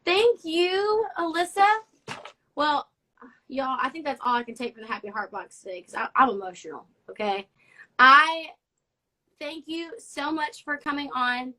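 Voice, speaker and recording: A woman's voice: sits high, animated, fairly quick, bright, forceful tone, low-quality recording. A young woman hosting a casual live stream, reading fan notes aloud in a chatty, effusive way. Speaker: host of a live social media show.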